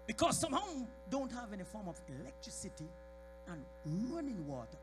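Fervent preacher with a soaring voice. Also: male voice, animated, moderate pace, over music. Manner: builds from quiet to shouted high points, calls out congregation members by name. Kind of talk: sermon. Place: church sanctuary.

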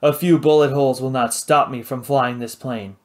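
A man voicing a cold, proud ex-soldier hijacker in an audiobook, speaking low, clipped and hissing. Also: steady tone, normal speed, lightly acted. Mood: defiant. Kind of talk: audiobook character voice.

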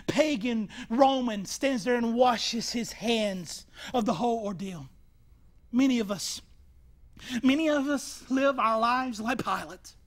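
A man preaching a sermon to viewers, emphatic and rising to shouts on key phrases. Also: very high-pitched.

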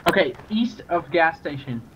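A man's voice: a little high, lively intonation, normal speed, noisy background. A man in a game squad reporting enemy positions over voice chat, a little hesitant.

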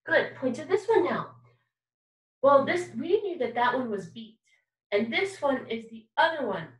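A woman's voice: high voice, expressive, a little slow, roomy sound, recorded from a distance, poor audio. A woman teaching a kindergarten music lesson, patient and encouraging, asking children questions and singing examples. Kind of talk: recorded online music lesson for young children.

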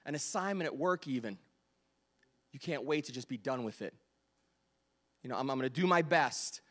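A man in his thirties preaching a sermon, joking with the congregation and swinging between loud bursts and quiet asides. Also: medium pitch, animated, normal speed. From Delaware, US. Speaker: pastor.

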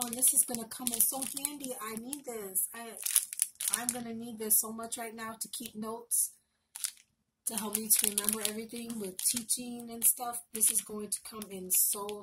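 A woman's voice: a little high, heavy background noise. A woman vlogger at home, chatting casually and gushing with emotion as she opens mail, often repeating herself. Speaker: crafting vlogger. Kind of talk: casual unboxing chat.

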